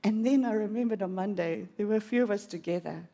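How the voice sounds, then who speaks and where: A woman's voice: mid-range voice, quick pace, gravelly, warm tone. A woman preaching a sermon in an auditorium, telling a personal story with dramatic swings of emotion.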